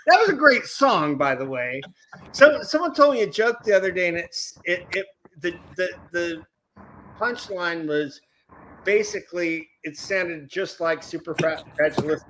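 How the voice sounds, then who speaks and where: A man's voice: high voice, animated, normal speed, a bit bright, a little hiss or hum, poor audio. A man in his fifties chatting casually on a geek talk stream, rambling, playful and often correcting himself. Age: 50s. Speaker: panelist on a geeky chat stream. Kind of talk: casual chat.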